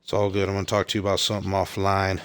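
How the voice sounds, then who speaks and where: A male game streamer talks in a somewhat low voice, loose and rambling as he chats with his viewers. He is a little out of breath, and his heavy breathing comes through between phrases. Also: monotone, rapid-fire, fairly bright tone, clear, resonant tone. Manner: chatty, rambling, repeats phrases. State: slightly out of breath. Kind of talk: casual live-stream chat.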